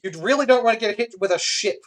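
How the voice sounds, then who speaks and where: Game master narrating a tabletop game, lively, keeps laughing, lots of uhs and restarts, mid-pitched. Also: fast talker. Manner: lively, laughs often, many fillers and restarts.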